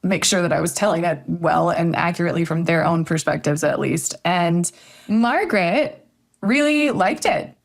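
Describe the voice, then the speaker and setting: A woman's voice: fairly low pitch, moderate pace, creaky. A woman author, a guest on a podcast, telling a story in a reflective way and often hedging with "I think". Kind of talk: podcast interview conversation.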